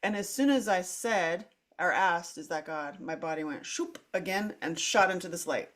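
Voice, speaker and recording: A woman's voice: lowish voice, moderate pace, a bit bright. A middle-aged woman hosting a candid conversation, telling a personal story animatedly with many "like" fillers, acting out her own quoted lines and laughing between phrases. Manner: frequent "like" fillers and restarts, laughs through speech. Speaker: podcast host.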